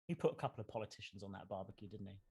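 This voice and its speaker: A man hosting a casual group podcast chat, joking and asking questions in a lively way. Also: fairly low pitch, rapid-fire, breathy edge. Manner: jokey, lively, asks questions. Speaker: podcast host.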